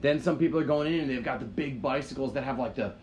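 Picture a man on a podcast spinning a rambling anecdote, swearing freely and packing in "like" at every turn. His voice sits at an ordinary middle pitch, and there is a faint hum of room ambience behind him. He talks the way friends do when the mics are on. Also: quick pace, darkish tone. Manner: rambling, profane, frequent "like" fillers. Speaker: podcast co-host. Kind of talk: casual storytelling chat.

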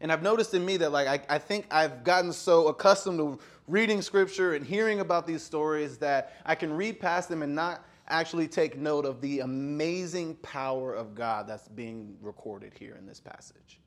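A man's voice: fairly high pitch, moderate pace, few pauses. A young adult man from Texas giving a sermon in a casual storytelling way, acting out quotes and using lots of fillers. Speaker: pastor.

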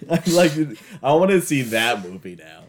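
A woman's voice: low voice, slight background noise. A woman co-hosting a casual movie chat, joking and laughing. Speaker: podcast co-host.

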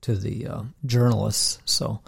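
A man's voice: fairly low pitch, level tone, unhurried, creaky, slightly rough. A man co-hosting a podcast, telling stories in a rambling way with many restarts. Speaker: podcast co-host. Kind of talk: casual podcast chat.

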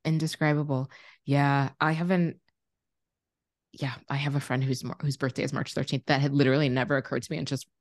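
Low-voiced, blunt woman co-host. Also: level tone, no room sound, clean studio sound. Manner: blunt, swears freely, quick reactions. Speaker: podcast co-host. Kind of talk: casual chat.

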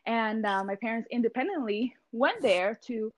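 A woman's voice: on the high side, animated, moderate pace. A young adult woman from Venezuela, an eye doctor and interview guest, talking casually and loosely with lots of fillers. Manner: chatty, many fillers like "like" and "you know". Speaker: guest, ophthalmologist.

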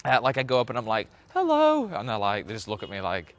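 A man's voice: fairly low pitch, quick pace, fairly bright tone, dry recording. A young man hosting a podcast, talking in a loose, rambling, profane monologue full of filler words. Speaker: podcast host. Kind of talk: casual monologue.

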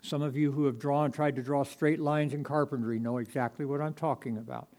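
A man preaching a sermon to his congregation, moving between loud emphatic passages and quiet, hushed asides. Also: medium pitch, steady tone, fairly quick. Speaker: pastor.

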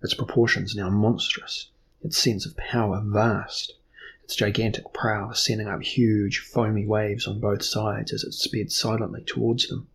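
A man narrating a fantasy novel as an audiobook in a measured, even storytelling manner. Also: on the low side, gravelly, a little hiss or hum.

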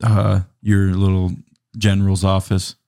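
A man's voice: sits low, level tone, unhurried, mellow. A young man co-hosting a podcast, chatting in an easygoing way and setting up the comedy bits. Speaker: podcast co-host. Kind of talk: casual chat.

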